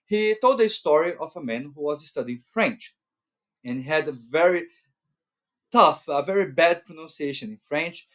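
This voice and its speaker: A man, hosting an educational talk to camera and explaining patiently, often checking in with "right?". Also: a little high. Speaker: channel host.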